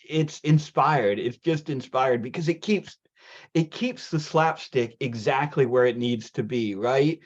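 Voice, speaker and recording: Slow, effusive man with muffled audio. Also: mid-range voice. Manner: effusive, swearing, filler-heavy. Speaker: host. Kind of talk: casual chat.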